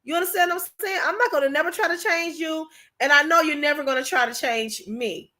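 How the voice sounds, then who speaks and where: A woman livestreams an informal, conversational motivational talk aimed right at her viewers, speaking high-pitched, fairly quickly, and with a sharp tone. She drives each point home with emphatic repetition, often asking "you understand what I'm saying?"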